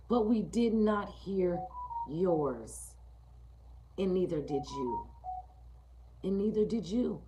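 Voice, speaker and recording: A woman hosting a live stream, speaking emphatically and repeating her points, often checking in with "okay?" and dropping low and quiet on key lines. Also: low-quality recording. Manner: emphatic, repetitive, keeps asking "okay?". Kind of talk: live-streamed motivational talk.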